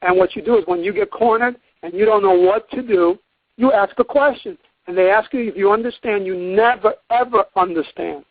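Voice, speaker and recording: A man's voice: high-pitched, brisk, dry recording. A man lecturing emphatically on a call-in program, acting out courtroom exchanges as he goes. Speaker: guest teacher on a call-in program. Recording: tinny dry phone line.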